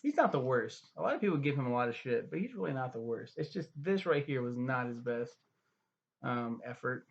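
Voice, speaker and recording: Gravelly young man ranting, sarcastic. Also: medium pitch, lively intonation, brisk, lo-fi sound. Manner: profane, sarcastic, rambling with many fillers. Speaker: web series reviewer. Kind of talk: casual ranting review.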